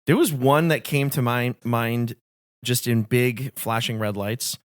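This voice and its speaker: A man's voice: mid-range voice, fairly even intonation, unhurried, no echo, clean studio sound. A man co-hosting a film podcast who lays out comparisons in an articulate, analytical way. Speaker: podcast co-host. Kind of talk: casual film discussion.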